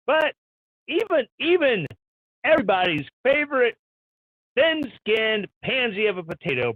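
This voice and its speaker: Brief: high-pitched male live stream host, irreverent ranting commentator. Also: no echo. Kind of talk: sarcastic news commentary. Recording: dull lo-fi stream audio.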